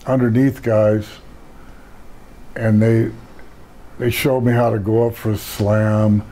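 A hoarse older man telling stories about his career in a casual interview, rambling and correcting himself. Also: lowish voice, level tone, takes it slowly, mellow, poor audio. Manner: rambling storyteller, self-correcting. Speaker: interview guest.

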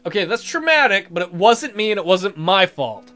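A young man hosting a let's play, reading game text aloud and adding sarcastic, profane commentary with sudden loud outbursts. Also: high voice, sing-song, moderate pace, faint music behind.

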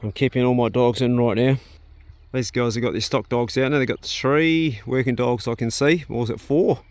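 A homestead vlogger walks his rural property with his phone, filming a casual walk-and-talk and chatting to his animals in a relaxed, rambling way. His medium-pitched voice stays steady at a moderate pace, with no room sound.

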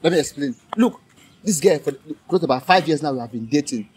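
Angry Nigerian man, fast and emphatic. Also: fairly high pitch, expressive, darkish tone, slight background noise. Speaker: interviewee. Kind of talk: street interview.

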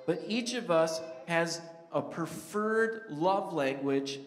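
A man's voice: fairly high pitch, expressive, slow, slight background noise. A male pastor preaching a sermon in a church sanctuary, telling stories in a conversational, joking way. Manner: conversational, storytelling, jokes with the crowd. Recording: echoey church hall reverb.

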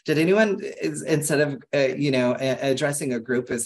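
An educator leading an interactive online workshop over a video call, talking in a lively, chatty way with restarts and fillers. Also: moderate pace. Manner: acts out quoted people with big pitch jumps. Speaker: webinar presenter and educator.

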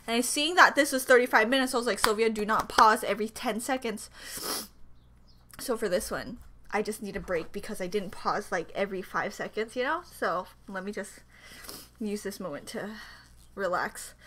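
A woman host reacting casually to a video, gushing and excitable, laughing often and chatting to her viewers. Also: mid-range voice, moderate pace, a little hiss or hum. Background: faint music from the video she watches.

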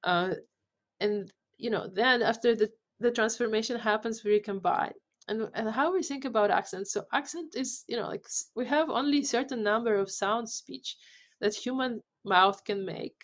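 A woman's voice: on the high side, normal speed. Woman explaining with many restarts. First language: not English. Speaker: CEO and guest. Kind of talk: podcast interview.

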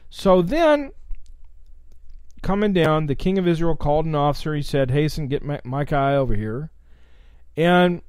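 A man teaching the Bible on a livestream, reading scripture aloud and breaking off with animated asides to his chat viewers. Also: a little high, no echo, clean studio sound.

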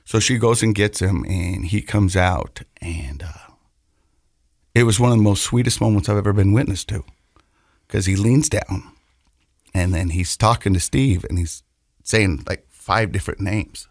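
This podcast co-host has a lowish, creaky voice and speaks a little slowly, recorded dry in studio quality. His casual personal story wanders, with restarts, repeated words and laughter, before settling into an earnest, reflective tone.

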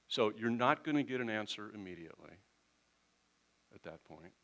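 A man's voice: on the low side, animated, moderate pace, pauses often, fairly bright tone. A man preaching a sermon as pastor, talking in a conversational way and briefly acting out little quoted exchanges with the congregation.

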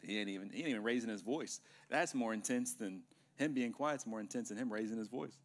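A middle-aged male pastor preaching an emphatic sermon in a church, sometimes dropping to a hushed voice for effect. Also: lowish voice, fairly quick. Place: church sanctuary.

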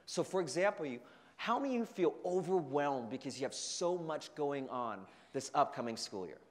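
A man giving an energetic motivational talk to a student leadership conference, telling stories and acting out the voices. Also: fairly high pitch. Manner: energetic storytelling with acted-out voices. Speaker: keynote speaker. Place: large conference hall. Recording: long hall reverb.

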